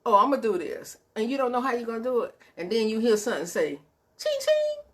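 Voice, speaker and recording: A woman with a fairly high voice talks fast as host of her weekly inspirational show, delivering spirited faith talk in a preacherly style. She calls listeners y'all and baby and acts out her conversations with God.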